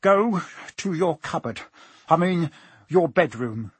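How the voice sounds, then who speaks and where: A man's voice: on the high side, expressive, slow pace, husky, no echo, pitched above the performer's own voice, heavily acted. A man voicing a stern, blustering middle-aged uncle who gives short, snapping commands.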